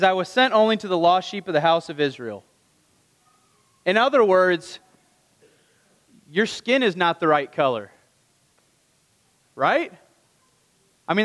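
A man with a high-pitched, slightly bright voice preaches in a large, echoing room. The pastor's sermon is conversational, full of rhetorical questions for the listeners, and he acts out the lines of the people in his story.

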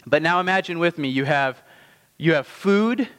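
Male pastor, sermon; slightly high voice, conversational delivery with slow emphasis, long hall reverb. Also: animated, fairly bright tone, clean tone.

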